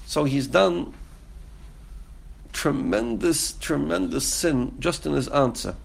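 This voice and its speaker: Man with a gravelly, raised voice teaching Torah. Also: a little high, takes it slowly. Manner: quotes verses and commentary, then translates them; rhetorical questions, repeats phrases for emphasis. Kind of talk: Torah lesson on Genesis.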